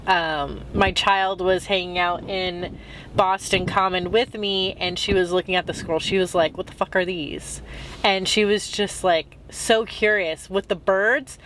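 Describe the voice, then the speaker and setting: A woman's voice: mid-range voice, fairly even intonation, unhurried, fairly bright tone, slight background noise, poor audio. A woman recapping her travels in a casual, rambling way, full of "um"s and "like"s. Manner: chatty and rambling, with many "um"s and "like"s. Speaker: travel vlogger.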